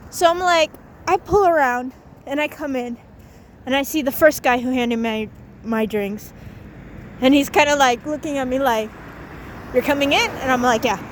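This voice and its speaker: A woman's voice: sits high, a little hiss or hum. A young woman vlogger telling a rambling casual story, saying "like" a lot and swearing casually.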